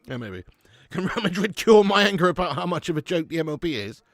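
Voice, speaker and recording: Chatty laughing man, lively pitch. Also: quick pace, dry recording, studio quality. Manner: chatty and laughing, swears freely, calls viewers mate. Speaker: football watch-along host. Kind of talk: live casual chat reading viewer comments.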